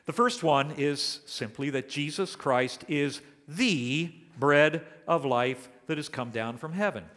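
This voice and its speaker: A man's voice: fairly high pitch, lively intonation, a bit bright. Older male pastor preaching in a reverberant hall. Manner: earnest, emphatic, slows down to stress key words. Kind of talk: sermon.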